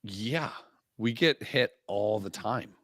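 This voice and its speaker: A podcast co-host with a lowish, animated, fairly bright male voice trades crude, profane, provocative jokes in casual banter, emphasis shifting quickly. It's studio-quality audio with no room sound.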